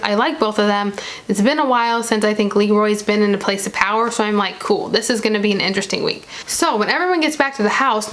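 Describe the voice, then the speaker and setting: A young woman chatting casually as she recaps a reality show episode, retelling scenes with quick quoted asides. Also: medium pitch, fairly bright tone.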